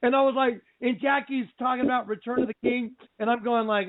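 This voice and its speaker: A middle-aged man hosting a religious radio show, telling a story in an animated way, often breaking into shouts and laughs. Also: very high voice, fairly quick, few pauses. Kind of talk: excited religious radio talk. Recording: tinny phone-like line with faint noise.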